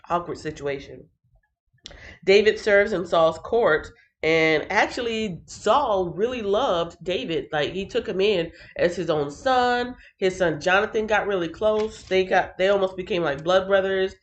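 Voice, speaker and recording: A woman's voice: fairly low pitch, lo-fi sound. A woman hosting a casual Bible reading livestream from her phone, greeting viewers by name and recapping chapters playfully. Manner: playful, reads chat comments aloud, sings and laughs.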